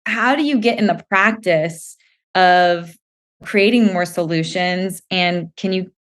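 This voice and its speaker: A woman's voice: on the low side, takes it slowly. A woman hosting a podcast, asking questions in a chatty, upbeat way. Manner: chatty, upbeat, laughs easily. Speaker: podcast host. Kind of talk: casual interview.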